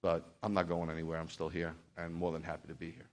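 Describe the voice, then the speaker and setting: A middle-aged pastor delivers a sermon in church, starting out heartfelt and rambling before building to fervent exhortation. His low voice is monotone, a little mellow, and quick-paced.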